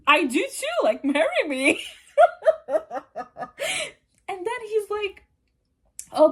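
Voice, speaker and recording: A woman hosting a podcast, telling a story in a chatty, exasperated way, with many fillers and some swearing. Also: fairly high pitch. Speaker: podcast host. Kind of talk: casual storytime monologue.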